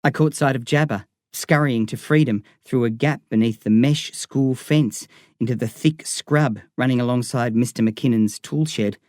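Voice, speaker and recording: A man reading a novel aloud in measured, vivid scripted narration. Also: mid-range voice, a little mellow, no echo, clean studio sound. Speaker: audiobook reader.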